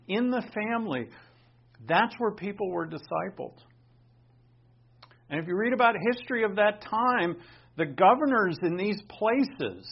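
A man preaching a sermon in a fairly high voice, full of animated swings between emphatic bursts and quiet asides. The recording sounds dull and lo-fi. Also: creaky, slightly rough. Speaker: pastor.

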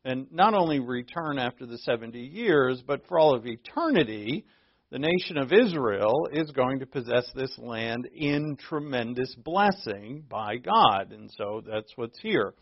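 A man's voice: mid-range voice, animated, measured pace, no echo. Conversational male pastor, muffled recording. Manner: conversational, self-deprecating, with frequent fillers. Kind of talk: expository sermon.

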